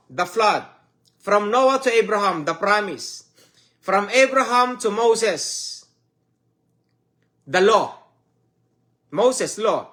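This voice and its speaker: High-voiced Filipino preacher. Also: male voice, pushed and bright. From Philippines. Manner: slow, emphatic, repeats phrases for the audience. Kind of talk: sermon teaching.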